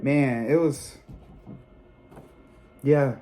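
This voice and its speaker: A man's voice: mid-range voice, drawn-out words, heavy background noise. A man in his thirties hosting his own video channel, chatting casually with viewers and breaking into emphatic, profanity-laced rants. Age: 30s. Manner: animated, emphatic ranting with frequent profanity; chatty, addresses viewers directly as y'all. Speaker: psychic tarot reader and channel host. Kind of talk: casual vlog talk to viewers.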